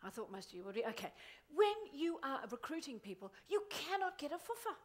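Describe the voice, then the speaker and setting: A middle-aged woman giving a live motivational keynote to a conference audience, animated and exclamatory. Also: sits high, brisk. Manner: animated, exclamatory, quotes others in funny voices. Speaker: motivational speaker. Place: conference hall before an audience.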